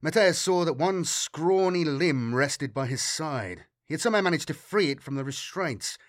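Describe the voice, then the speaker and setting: A man's voice: on the high side, expressive, normal speed, no echo. Man narrating in a dry, close sound. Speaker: audiobook narrator. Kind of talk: scripted narration.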